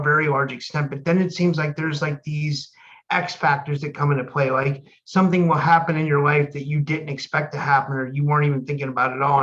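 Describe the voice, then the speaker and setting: A man's voice: fairly high pitch, fairly bright tone, dull audio. A man hosting a podcast in casual conversation, rambling and restarting his sentences as he thinks aloud. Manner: rambling, many restarts and fillers. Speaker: podcast host.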